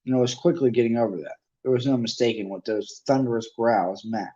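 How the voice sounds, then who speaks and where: Brief: man, casual unpolished read-aloud, middle pitch, dull recording. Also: a little fast, mellow. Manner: unpolished, with restarts and asides. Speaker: reader.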